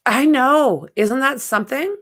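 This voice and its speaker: A woman's voice: sits high, measured pace, fairly bright tone. A woman hosting a casual true-crime livestream, chatting, greeting viewers and reading their comments aloud, blunt with spam commenters. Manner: outspoken and exasperated with spam commenters. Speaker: livestream host.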